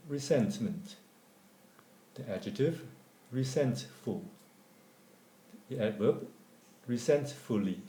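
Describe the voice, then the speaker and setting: Slow, mellow male teacher in echoey room. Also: medium pitch. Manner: measured, deliberate reading of word lists. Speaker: English teacher. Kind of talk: slow scripted lesson narration.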